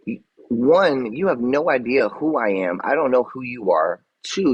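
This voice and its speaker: A man's voice: fairly low pitch, husky, muffled recording. An agitated man on a livestream answering his chat, defensive and swearing, repeating himself as he vents. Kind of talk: livestream rant.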